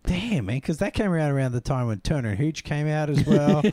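A man's voice: fairly high pitch, animated, fairly quick, mellow, dry recording. A man, co-hosting a podcast in casual, rambling chat, swearing freely. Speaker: podcast co-host.

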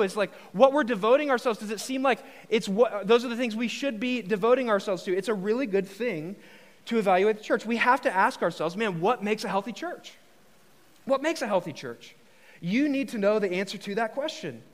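Guy pastor preaching live, high voice, chatty and jokey, lots of rhetorical questions. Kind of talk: conversational live sermon. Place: church hall with a congregation.

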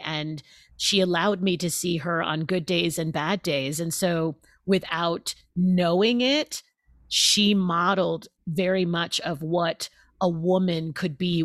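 A woman interview guest talking in a conversational way, expressive and laughing as she speaks, acting out the words of others. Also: lowish voice, no echo, clean studio sound. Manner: expressive, laughs as she talks, acts out quotes.

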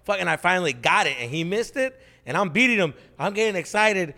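A man with a fairly high, very lively voice tells a childhood story on a podcast, swearing freely and acting out the people in it. His voice rings with a long reverb from the studio. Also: brisk. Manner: animated, profane storytelling with acted-out voices. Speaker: comedian telling a story on a podcast. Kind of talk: casual chat.

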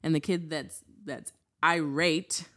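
A young woman co-hosting a podcast in casual chat, laughing often as she tells animated stories. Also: low voice, slow pace. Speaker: podcast co-host.

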